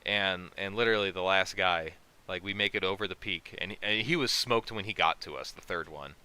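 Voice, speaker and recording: A man with a low, very bright and clear voice hosts a casual podcast. He tells a rambling story, swearing freely and leaning on fillers as he goes. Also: brisk. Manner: profane, rambling war-story telling with many fillers. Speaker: podcast host.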